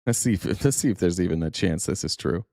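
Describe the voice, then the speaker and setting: A man's voice: low-pitched, animated, fast talker, darkish tone, dry recording, studio quality. Sarcastic, swearing young male commentator. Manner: sarcastic, profane, laughs often. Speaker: political commentary host. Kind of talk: casual reaction commentary.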